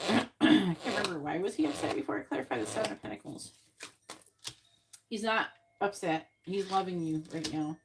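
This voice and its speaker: A woman's voice: fairly low pitch, lively intonation, moderate pace, pauses often, noisy background. A woman from Florida giving a live-stream tarot reading, chatting and thinking aloud between card pulls. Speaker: psychic reader.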